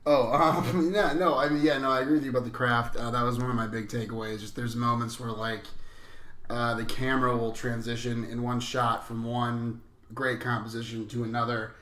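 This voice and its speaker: A man on a film podcast, talking casually and haltingly, with many fillers. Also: mid-range voice, flat delivery, a bit bright, reverberant, a little hiss or hum. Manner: hesitant, filler-heavy. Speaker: podcast co-host.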